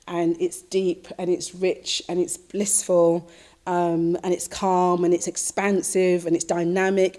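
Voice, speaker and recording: A woman Buddhist teacher giving a dharma talk, slowly recounting a dream in a reflective, repetitive way with soft fillers. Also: fairly low pitch.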